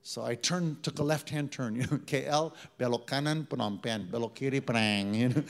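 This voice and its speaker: A man preaching a sermon, telling a story with acted-out quotes, dropping to hushed tones and building to loud emphatic preaching. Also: mid-range voice, moderate pace, gravelly, hardly any pauses. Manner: drops in Malay travel words.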